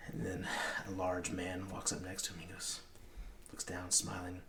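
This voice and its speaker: A man narrating as game master, in a hushed, halting voice with many fillers. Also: deep voice, completely flat delivery, distant mic, a crowd in the background. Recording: echoey room with background noise.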